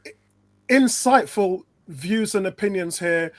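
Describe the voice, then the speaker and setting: High-voiced, emphatic man. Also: slow pace. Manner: emphatic, repeats phrases. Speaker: podcast guest. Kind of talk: casual football chat.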